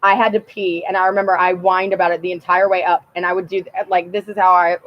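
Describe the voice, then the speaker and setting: Young woman, casual vlog storytelling, profane, animated, outdoors, dull lo-fi recording. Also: on the low side, fast talker. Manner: profane, animated, laughs often. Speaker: vlogger.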